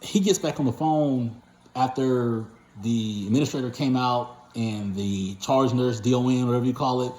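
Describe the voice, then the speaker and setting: Recorded with a roomy echo, a man of medium pitch and normal speed sounds a little mellow. As owner of a patient transport company and host of his own channel, he chats through a story for his audience in a meandering way, stumbling over fillers and fixing his own words.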